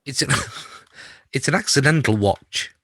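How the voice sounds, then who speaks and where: A man's voice: medium pitch, expressive, measured pace, fairly bright tone, no echo, clean studio sound. A man co-hosting a podcast in a casual chat, telling stories and laughing often. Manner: chatty storyteller who laughs often. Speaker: podcast co-host.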